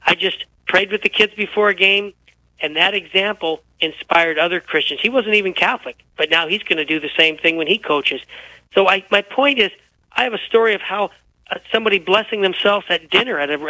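A man guesting on a radio talk show, telling stories with lively energy while feeling unwell. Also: sits high, brisk, no room sound, poor audio. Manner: energetic, animated storyteller. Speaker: guest, author. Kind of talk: radio interview, storytelling.

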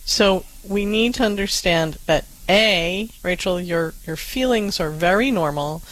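A woman co-hosting a parenting advice show, speaking in a calm, reassuring way. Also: on the low side, a little slow, poor audio.

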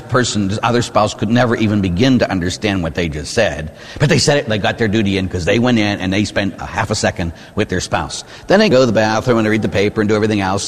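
Male Catholic priest, lively homily delivery, husky, church reverb. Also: on the low side. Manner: animated storytelling, rhetorical questions with "huh?". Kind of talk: sermon.

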